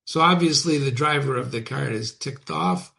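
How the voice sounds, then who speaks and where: A man's voice: medium pitch, moderate pace, gravelly, sharp tone. A man who reads classic poetry aloud as host and breaks off for casual explanatory asides. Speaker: host and reader. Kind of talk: reading classic poetry with commentary.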